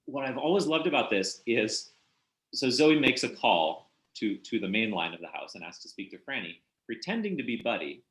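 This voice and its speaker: Low-voiced hesitant man in an echoey room. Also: a bit bright. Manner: hesitant, thoughtful, many fillers and restarts. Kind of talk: casual literary discussion.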